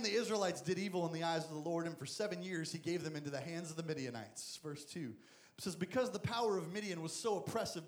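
A man preaching a lively, jokey sermon as a youth pastor, acting out Bible stories. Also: on the high side, echoey room. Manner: energetic, jokey, acts out Bible figures.

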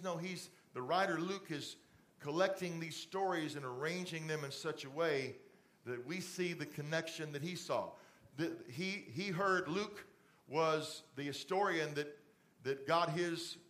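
A middle-aged pastor gives a sermon on a church stage, speaking in a conversational preaching style. His voice is fairly high for a man, and for direct asides to the congregation it softens into something fatherly.

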